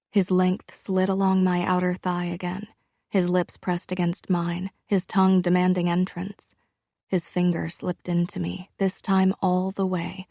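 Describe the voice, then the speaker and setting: A woman narrating a first-person romance audiobook in a slow, hushed, intimate manner. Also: lowish voice, monotone, vocal fry, no room sound, studio quality.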